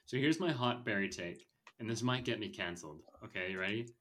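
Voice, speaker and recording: A man's voice: on the low side, lively intonation, a little fast, a bit bright, slight background noise. A man hosting a casual movie podcast, rambling and opinionated, with lots of fillers. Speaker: podcast host.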